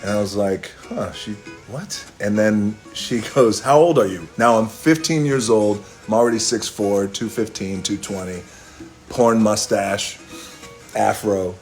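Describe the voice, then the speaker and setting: Low-voiced man telling a rambling story. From Hawaii. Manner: relaxed, rambling anecdote with toasts and asides. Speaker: live stream host. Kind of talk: casual storytelling on a live stream. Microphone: phone live stream.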